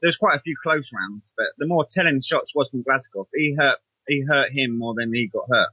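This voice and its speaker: A man's voice: medium pitch, moderate pace, bright, forceful tone, husky, no echo, poor audio. A man in casual chat as a podcast co-host, rambling and hesitant, often restarting his sentences, heard over an online call.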